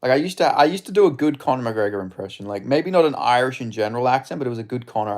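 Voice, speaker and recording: A man streaming live fight commentary, excitable and swearing, chatting with his viewers between rounds. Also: medium pitch, fast talker.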